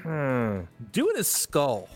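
A man's voice: mid-range voice, huge pitch swings, slow, soft background music. Playful man running an improv game. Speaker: game runner. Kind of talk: casual improv banter.

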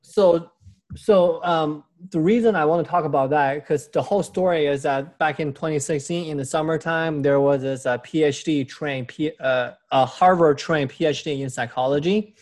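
A man's voice: on the high side, normal speed, a little mellow. Rambling man. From China. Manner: rambling, restarts often, nonstandard English grammar. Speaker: podcast co-host. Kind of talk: casual chat.

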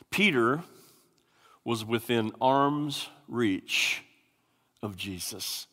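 Male pastor, animated sermon, bright tone, long hall reverb. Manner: animated preaching, acts out scripture voices with big pitch swings.

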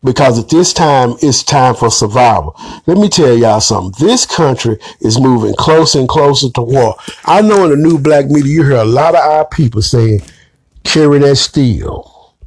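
A man's voice: mid-range voice, expressive, moderate pace, husky, dry recording. A man giving an emphatic, preachy commentary monologue straight to his audience. He calls his listeners family and swears bluntly. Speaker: online commentator.

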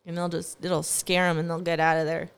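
A woman's voice: on the low side, little pitch movement, a little fast, clear, resonant tone. A young woman rambling in a casual monologue, sarcastic and laughing often, with frequent swearing. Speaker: vlogger.

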